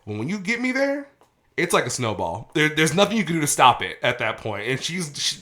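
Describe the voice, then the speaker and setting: A man's voice: a little high, a little fast. A man hosting a casual podcast, ranting animatedly with plenty of cursing. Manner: heated, profane ranting; animated storytelling. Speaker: podcast host.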